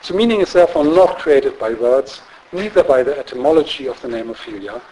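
A man giving an academic lecture in a measured, explanatory way, often checking in with tag questions and filling pauses with um and uh. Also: mid-range voice, expressive, dark tone, slight background noise, low-quality recording. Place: lecture room.

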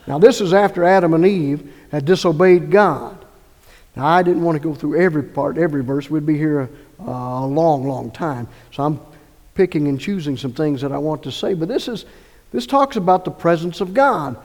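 A man's voice: a little high, moderate pace, darkish tone. A man preaching a sermon as pastor, emphatic, with restarts and swells of emphasis. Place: church sanctuary. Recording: long church reverb.

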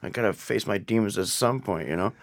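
A Canadian stage actor telling theatre anecdotes in a studio interview. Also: male voice, fairly low pitch, quick pace, no echo.

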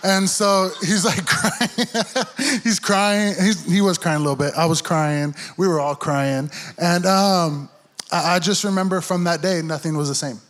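A young man with a slightly higher voice tells his faith story in relaxed conversation. He talks in an animated way and often laughs as he goes. The delivery feels like casual chat. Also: a little slow. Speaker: guest sharing testimony.

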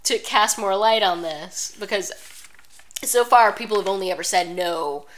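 A woman's voice: medium pitch, moderate pace, a bit bright. Woman, podcast co-host, casual chat, blunt, sarcastic, mid-range voice.

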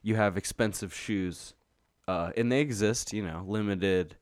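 A man's voice: fairly low pitch, unhurried, dry recording, studio quality. A young adult man co-hosting a podcast in casual chat, rambling with fillers and restarts. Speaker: podcast co-host.

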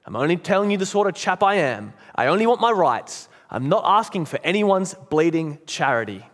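A man's voice: sits high, sing-song, moderate pace, long reverb tail. A man voicing a big, coarse male ghost from hell who insists on his rights in a blustering, self-righteous way. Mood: indignant.

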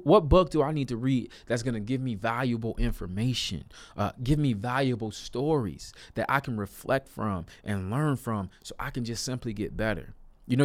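A young man talks straight to his viewers about self-love, in a voice of ordinary middle pitch. He is earnest and repetitive, hammering his points home. At times he climbs into loud, emphatic bursts before settling back down. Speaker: self-help video creator. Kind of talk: motivational talk to camera.

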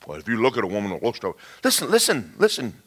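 A man preaching a sermon in a folksy, animated way, swinging between loud emphatic lines and low quiet asides and acting out little dialogues. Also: rapid-fire, husky.

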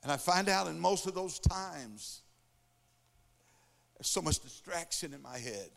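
A preacher with a fairly high voice delivers a sermon, building emphasis through rhythmic repetition. His words ring out in a church sanctuary with a long, trailing reverb. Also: animated, a little slow, creaky, a bit bright.

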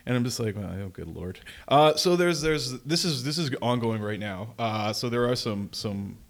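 A podcast co-host chats casually in a man's medium-pitched voice, keeping a fairly even intonation at a normal speed. His talk rambles along, packed with fillers and frequent chuckles.

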